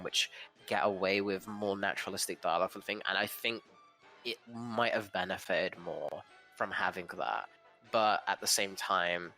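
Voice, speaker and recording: A man with a fairly low but bright, forward voice talks over a comic book in casual podcast chat. He hedges and restarts his sentences as he weighs each point. Faint music plays underneath. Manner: thoughtful, hedging, restarts mid-sentence. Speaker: podcast co-host.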